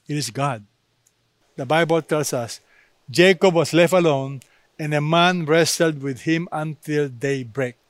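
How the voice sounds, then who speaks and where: A man preaching a sermon, slow and emphatic, with dramatic pauses between phrases. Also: a little high, dry recording. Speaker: pastor.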